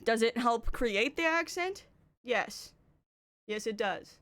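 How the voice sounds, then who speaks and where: Young canadian woman on stream, kinda high voice, chatty, answering chat while doing makeup. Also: expressive, slow, a bit bright. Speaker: livestreamer.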